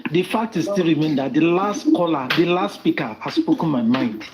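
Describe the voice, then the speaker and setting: A man's voice: a little high, animated, moderate pace, highs cut off, crowd noise. A man with a Yoruba accent speaking formally as a caller in a live audio chat. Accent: Yoruba-accented Nigerian English.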